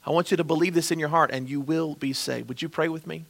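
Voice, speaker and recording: A man preaching as a pastor, earnestly and gently pleading as he leads a closing prayer. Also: on the high side, fairly even intonation, fast talker, gravelly.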